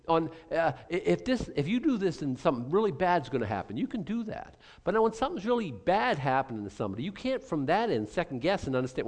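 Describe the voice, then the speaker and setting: A man's voice: high-pitched, wildly swooping pitch, fast, hardly any pauses, a little mellow. An older man preaching a sermon, emphatic, acting out quoted voices and restarting his sentences often. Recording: long reverb of a large hall.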